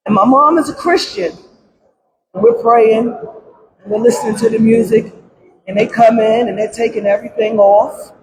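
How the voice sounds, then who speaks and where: A middle-aged woman giving emotional public testimony at a press conference about her grief, pleading through tears and at times breaking into shouts. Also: on the high side, moderate pace, low-quality recording. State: grief-stricken, close to crying. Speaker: grieving mother giving testimony. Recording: crowd noise at a press event.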